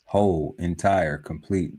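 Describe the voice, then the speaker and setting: Slow, deep-voiced man reading word lists. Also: fairly even intonation, mellow. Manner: slow, musing list-reading broken by laughter and asides. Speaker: podcast panel host. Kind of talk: casual podcast chat, reading word lists aloud.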